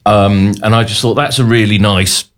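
Low-voiced man in his forties, hesitant reflective talker. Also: steady tone, moderate pace. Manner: hesitant, thoughtful, many ums. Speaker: guest. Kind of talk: casual chat.

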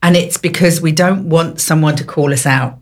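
A woman's voice: low voice, normal speed. A British woman hosting a casual radio chat, speaking in a thoughtful, earnest way. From Britain. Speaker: radio host.

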